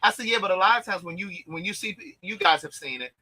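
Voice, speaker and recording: This man talks in a very bright, slightly high voice. He gossips in a casual chat, animated and quick to act out what other people said. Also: low-quality recording. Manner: animated, gossipy storytelling with quoted asides. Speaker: host.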